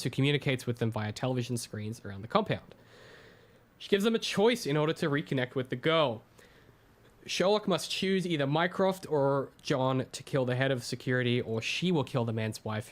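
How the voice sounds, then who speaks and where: An Australian man co-hosting a casual critical discussion, loose and swearing, with many ums and restarts. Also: medium pitch. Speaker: podcast co-host.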